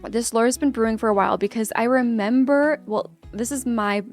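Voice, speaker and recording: A woman's voice: on the high side, brisk, a little mellow. A young adult woman streamer chatting casually with her live chat, rambling and cutting herself off mid-sentence. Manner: rambling, self-interrupting, chatty. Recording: faint guitar music behind. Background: faint guitar music.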